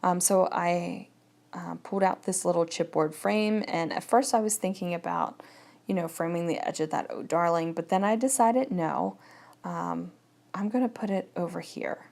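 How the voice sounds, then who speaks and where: A scrapbooking vlogger narrates her crafting project in a relaxed, chatty voice-over, thinking out loud as she works. Her voice is lowish, gravelly and slightly mellow, and she keeps a moderate pace.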